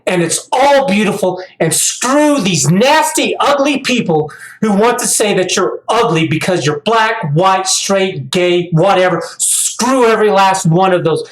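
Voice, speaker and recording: A middle-aged male vlogger with a high, lively voice talks at an unhurried pace in a casual monologue recorded in an echoey room. He rambles at length, repeating words whenever he restarts, and grows emphatic as he slides into a rant.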